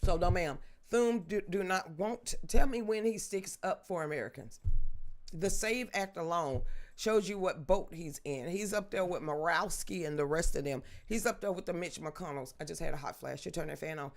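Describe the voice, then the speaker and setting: A woman's voice: fairly low pitch, moderate pace. Blunt, opinionated woman commentator. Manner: opinionated, colloquial and emphatic. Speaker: political commentary host. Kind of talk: live political commentary.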